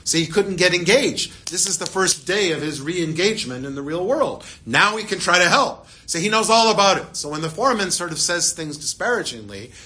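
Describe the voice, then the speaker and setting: A man teaching as a rabbi, retelling a scripture story in a lively, conversational way with asides to his listeners. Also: medium pitch. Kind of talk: Torah lesson storytelling.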